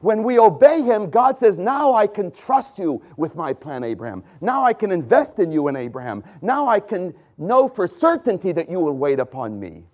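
A man preaching a sermon, swinging from loud emphatic lines to hushed ones and pausing to correct his own slips. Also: sits high, sing-song. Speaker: pastor.

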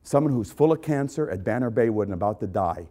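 A man preaching a sermon with passion, repeating lines and swinging from loud outbursts to quiet, intense remarks. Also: on the low side, expressive, quick pace. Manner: impassioned, repetitive, swings loud to soft. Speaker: pastor.

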